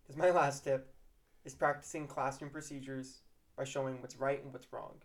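A man teacher on a casual podcast, speaking at a mid-range pitch for a man. He tells classroom stories with animation, slipping into the scenes he describes. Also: normal speed. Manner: animated storyteller who acts out classroom scenes. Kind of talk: casual chat.

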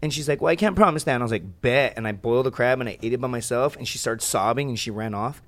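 A young man telling a story as a podcast guest, in rambling, profane casual chat with lots of animated asides. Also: medium pitch, quick pace.

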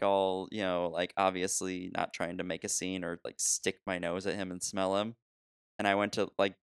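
A man spins a long anecdote in relaxed chat, laughing as he goes and circling back with restarts. His voice sits low and smooth. The sound is close and dry, with no room around it. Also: dry recording. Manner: animated, laughs often, trailing restarts. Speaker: podcast co-host telling a story. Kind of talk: casual storytelling chat.

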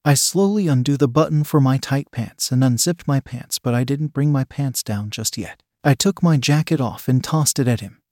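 A man reading a first-person story in a steady scripted narration. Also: medium pitch, moderate pace, few pauses, no echo, studio quality. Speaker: story reader.

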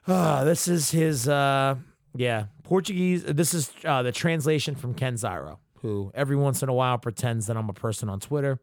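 A man's voice: mid-range voice, moderate pace, no echo. Dude ranting on his podcast, swears a ton, voice jumps all over, dry close sound. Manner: animated, swearing, mock-outraged. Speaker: podcast host. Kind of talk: profane ranting commentary.

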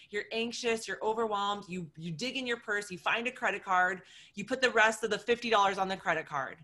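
A woman's voice: mid-range voice, a little fast, few pauses, sharp tone. A woman nutrition coach talking through a vivid everyday scenario, acting out quoted inner voices as she goes. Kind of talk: animated storytelling talk.

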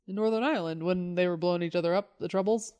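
Woman co-host, relaxed chatty podcast delivery, quick to laugh. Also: lowish voice, clean tone. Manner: laughs often, chatty and loose. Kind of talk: casual chat about comics.

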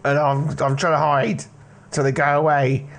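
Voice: mid-range voice, little pitch movement, moderate pace, pitched above the performer's own voice, close to an everyday voice. A performer voicing a nervous sixteen-year-old boy who stammers and hesitates while hiding.

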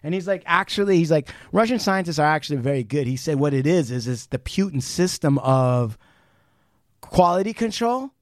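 A man co-hosting a podcast, retelling a conversation in casual, animated chat, swearing freely and restarting sentences. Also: a little high, normal speed, no room sound, studio quality. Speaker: podcast co-host.

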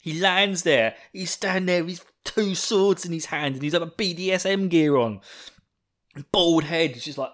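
Excitable, rambling podcast host. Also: male voice, fairly high pitch, normal speed. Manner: excitable, rambling, laughing and swearing. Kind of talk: casual podcast chat.

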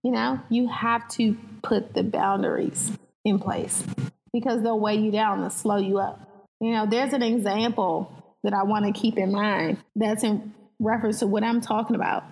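A woman's voice: mid-range voice, normal speed, gravelly, long reverb tail, poor audio. A woman guest on a podcast, telling stories animatedly and acting out the dialogue. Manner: animated storyteller, acts out quoted dialogue. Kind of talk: conversational podcast talk.

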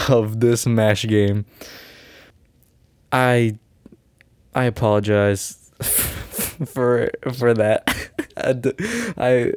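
Recorded dry, a man with a medium, slightly mellow voice hosts a podcast and invents a ridiculous story on the spot. It's a rambling, giggly bit of comic storytelling, full of self-interruptions and laughter at himself.

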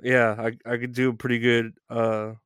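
A man's voice: mid-range voice, monotone, moderate pace, a bit bright, smooth, no echo. Easygoing podcast guest guy, rambly, laughs a lot, mid voice, dry sound. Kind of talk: casual podcast chat.

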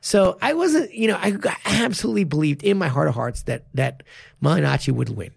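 Raspy gravelly guy, coach type, super animated chat, swears a lot, dry close mic. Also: on the high side, dry recording. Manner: animated, swears freely, quick bursts of enthusiasm. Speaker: martial arts coach and podcast host. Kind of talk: casual chat.

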